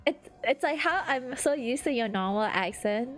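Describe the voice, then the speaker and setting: A woman streamer in casual chat, laughing often and breaking into high-pitched giggles. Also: lively intonation, moderate pace, soft background music.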